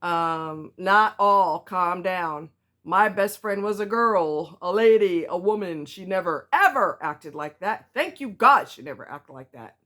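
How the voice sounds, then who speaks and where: A woman's voice: fairly low pitch, animated, unhurried, sharp tone. Blunt woman ranting to camera. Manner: blunt, emphatic, repeats herself for stress. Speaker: vlogger.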